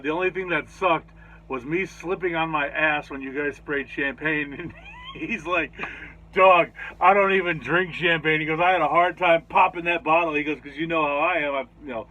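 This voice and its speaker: A man casually recapping a festival in a rambling, profane, excitable way. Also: a little high. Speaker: vlogger reviewing a festival. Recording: slightly dull lo-fi audio with faint noise.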